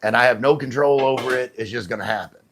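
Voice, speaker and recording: A man's voice: mid-range voice, fast talker, fairly bright tone, a little hiss or hum. A middle-aged man chatting casually on a live stream, reading viewers' messages aloud and answering them. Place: home in the Philippines.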